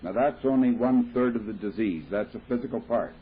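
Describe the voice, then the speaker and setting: A man's voice: mid-range voice, brisk, breathy edge. A man telling his story at a recovery meeting, talking plainly and explaining things with homely comparisons. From Midwestern United States. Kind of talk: personal talk at a recovery meeting. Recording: tinny 1970s tape of a talk.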